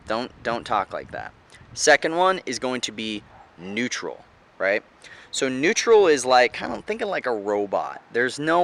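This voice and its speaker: A male life coach talks straight to the camera in a motivational lesson. His voice is bright and forceful at a middle pitch. He breaks into acted-out examples to show each way of speaking. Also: sing-song, moderate pace. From United States. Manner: demonstrates voice tones with exaggerated examples.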